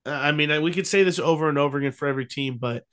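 A man's voice: on the high side, rapid-fire, a bit bright, clear, resonant tone. Easygoing young man talking sports. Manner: easygoing, frequent ums and restarts. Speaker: podcast co-host. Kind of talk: casual sports chat.

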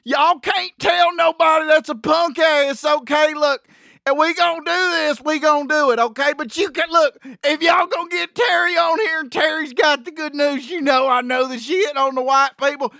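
A piercing, very high voice of a hyper, foul-mouthed grown man, as a man puts him on for a comedy podcast. He yelps, rambles and swears in a bright, pushed tone. The sound is close and dry. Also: fairly even intonation, moderate pace, vocal fry, no echo, heavily acted. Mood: excited. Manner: hyper, yelping, rambling and cursing. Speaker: regular character. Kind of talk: comedic character bit.

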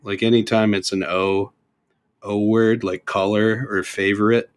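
A young man with a Canadian accent talks in a loose, rambling way, filling gaps with ums and circling back to restart his sentences. His voice sits a little on the low side. The feel is a relaxed podcast conversation. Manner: rambling, halting, with many fillers and self-corrections. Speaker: podcast guest. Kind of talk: casual chat.

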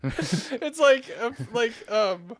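A man's voice: very high-pitched, animated, very slow, no echo. A man co-hosting a podcast, chatting casually and laughing through playful banter. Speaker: podcast co-host. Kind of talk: casual chat.

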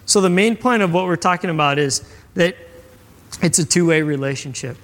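Young guy pastor, laid-back sermon, slightly high voice, big echoey church hall. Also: normal speed, fairly bright tone. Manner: casual, conversational storytelling with acted-out quotes.

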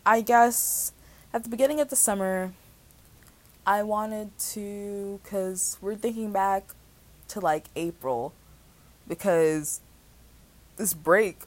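A young woman in her twenties hosting a podcast, chatting casually with slang and swearing. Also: medium pitch. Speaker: podcast host. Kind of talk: casual chat.

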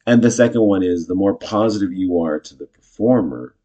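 Deep husky guy explaining improv, chatty, corrects himself a lot, kinda dull audio. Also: fairly quick. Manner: chatty, self-correcting, animated when acting out lines. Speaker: improv teacher. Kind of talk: casual teaching talk with acted example lines.

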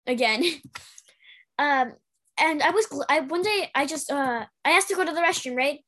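A woman's voice: high voice, normal speed, sharp tone. A young woman co-hosting a casual chat, hesitant and chatty, with fillers and self-corrections. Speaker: podcast co-host.

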